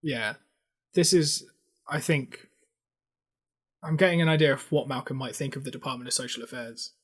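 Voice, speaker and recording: A man's voice: mid-range voice, normal speed, fairly bright tone, slightly rough. A man co-hosting a casual chat, giggling often, swearing freely and mock-ranting for laughs. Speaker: podcast co-host.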